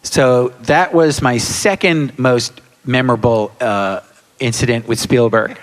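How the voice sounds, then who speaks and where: A man in his sixties, a guest on a live convention panel, telling lively anecdotes and acting out quotes and sound effects. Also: mid-range voice, a little slow. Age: 60s. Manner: animated storyteller, acts out quotes and sound effects. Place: large hall with live audience. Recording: reverberant hall.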